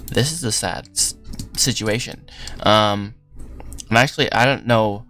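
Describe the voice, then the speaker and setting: Young man, fairly low voice, rambling casual livestream talk, desk mic, faint lofi music behind. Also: a little slow, fairly bright tone. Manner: rambling, self-interrupting, laughs often. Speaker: livestream host. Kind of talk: casual livestream chat while working.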